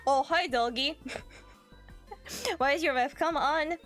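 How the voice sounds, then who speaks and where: Shrieky high-pitched woman streamer, faint music. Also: takes it slowly, a bit bright. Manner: shrieking, laughing, frantic repetition. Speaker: VTuber streamer. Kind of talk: excited live-stream chat. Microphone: desk microphone.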